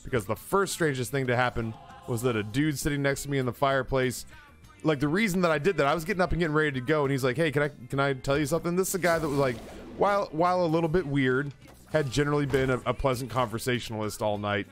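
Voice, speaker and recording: A man's voice: medium pitch, fast talker, faint music behind. A man streaming, telling a drinking story in a rambling, profane, casual way that keeps interrupting itself.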